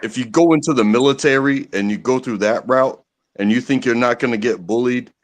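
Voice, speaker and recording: A man in casual chat who speaks haltingly, restarting his sentences. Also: mid-range voice. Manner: halting, stop-start phrasing.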